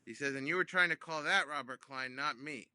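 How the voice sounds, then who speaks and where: A comedian, a man, telling a funny phone-call story in an animated way, with many ums and restarts, acting out both sides. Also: fairly high pitch, a little fast, dry recording. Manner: acts out both sides of phone calls with big voice jumps. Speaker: comedian guest.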